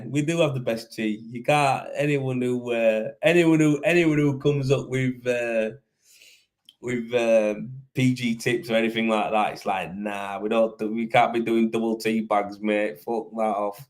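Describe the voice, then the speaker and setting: A man with a broad Yorkshire accent chatting loosely on his show, bantering, swearing and laughing often. His voice sits at an ordinary middle pitch, and he talks in the easy, teasing way of a mate having a natter. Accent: Yorkshire English. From Yorkshire, England. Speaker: host. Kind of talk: casual chat.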